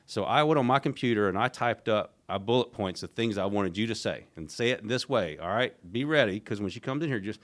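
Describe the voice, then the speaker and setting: A middle-aged man, an interview guest recounting a story in a casual, animated way, acting out what others said. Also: lowish voice, quick pace, hardly any pauses. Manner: animated retelling, acts out quoted voices, frequent restarts. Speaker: interview guest, former team executive.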